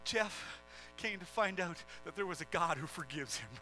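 Male preacher, very high and very bright voice, emphatic storytelling delivery. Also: animated, moderate pace, soft background music, low-quality recording. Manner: emphatic, swelling from hushed to loud. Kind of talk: sermon storytelling.

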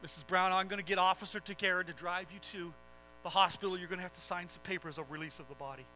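A gruff, angry policeman with a voice dropped well below the storyteller's own, as a preacher acts him out. He blusters and rails with indignant force, his tone still bright and cutting. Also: sits high, fairly even intonation, fast talker, faint music behind, voice pushed down, poor audio. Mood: apologetic.

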